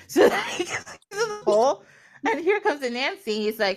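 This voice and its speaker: A woman hosting a casual podcast, telling a folk story with a lot of animation. Her voice sits a little high, and she slips into playful voices for each character. She laughs easily as she talks. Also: sing-song, brisk. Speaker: podcast host.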